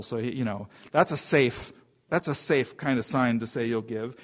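A man's voice: medium pitch, normal speed. A man giving an informal Bible teaching, thinking aloud as he explains a passage and often restarting his sentences.

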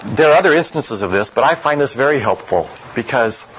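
A man preaching a sermon, reading a scripture passage aloud and then explaining it in a measured, reflective way. His voice sits at an ordinary middle pitch. A faint hum of room ambience stays under it. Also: animated, fairly bright tone, rough recording.

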